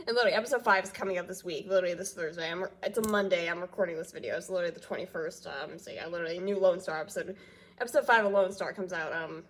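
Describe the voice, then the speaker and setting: A woman's voice: on the low side, racing, a bit bright. Congested woman rambling in a fan vlog. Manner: rambling, with frequent fillers and loops back on itself; giggles often between thoughts. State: congested, nasal from allergies. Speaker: fan reaction vlogger. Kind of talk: casual chat reacting to TV news.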